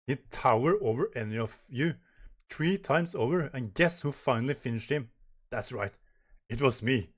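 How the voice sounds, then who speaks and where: A man's voice: medium pitch, normal speed, natural voice. A man doing a boastful swaggering giant. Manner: boastful, declaiming.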